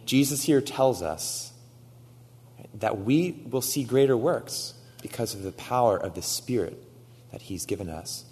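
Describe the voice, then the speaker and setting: A man preaching in a low-pitched voice, recorded in a big hall with a long, ringing reverb. He tells a story through quoted back-and-forth dialogue, and he grows loud and emphatic when he presses his points. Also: slightly rough. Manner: storytelling, quoting dialogue, rising to emphatic exhortation. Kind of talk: sermon.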